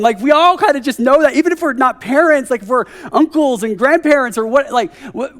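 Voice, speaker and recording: A man's voice: extremely high pitch, a bit bright. A man in his thirties preaching a conversational sermon at a church service, telling a story with joking asides.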